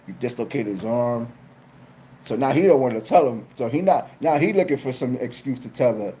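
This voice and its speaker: Animated New man telling a story. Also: medium pitch, a little hiss or hum. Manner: animated, profane, repeats phrases. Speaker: live streamer. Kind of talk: casual comedic storytelling.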